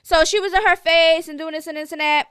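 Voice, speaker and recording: A woman recaps a reality show in a casual, outspoken way, calling out the cast as if talking to them. Her voice sits high and sounds bright and crisp. The recording is dry and close, with no room sound. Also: fairly even intonation, a little fast, no echo. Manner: sassy, blunt, scolds the cast directly. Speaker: reality TV commentary host.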